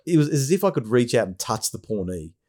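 A man's voice: mid-range voice, big pitch swings, fast talker, mellow. A man hosting a podcast, chatting enthusiastically and rambling with frequent restarts. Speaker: podcast host. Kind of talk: casual chat.

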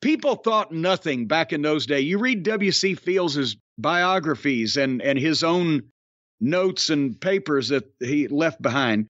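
A man's voice: on the high side, lively intonation, slow pace, fairly bright tone, dry recording. A man hosting a podcast, rambling and wisecracking with plenty of swearing. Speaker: podcast host. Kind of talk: casual podcast talk. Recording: dry, dull lo-fi sound.

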